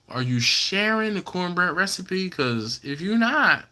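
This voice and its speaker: Male stream host, bright voice, casual and teasing while reading chat aloud. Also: high voice, very animated, a little slow. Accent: Maryland. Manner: chatty, reads out viewer comments and teases them. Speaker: BBQ channel host. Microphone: computer or phone setup.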